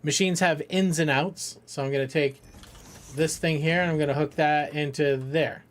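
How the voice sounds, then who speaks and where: A middle-aged man streaming a game for charity talks at a moderate pace in a fairly high, fairly even voice. His relaxed live-stream talk meanders with jokes, plenty of swearing, and frequent laughing.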